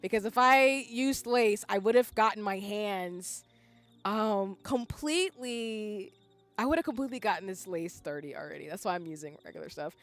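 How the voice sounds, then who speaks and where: A woman's voice: medium pitch, moderate pace, no echo, faint music behind. Chatty young woman streamer saying y'all. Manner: chatty, says "y'all" often, bursts into squealing yells. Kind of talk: casual livestream chat.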